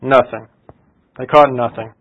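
A man's voice: medium pitch, fairly even intonation, unhurried, breathy edge, phone-quality sound. A man preaching a sermon, retelling scripture in a conversational storytelling way and asking rhetorical questions.

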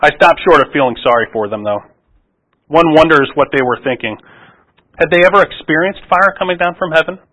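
A man's voice: fairly high pitch, fairly quick, bright, forceful tone, poor audio. A man preaching a sermon in a conversational way, often restarting phrases and asking rhetorical questions.

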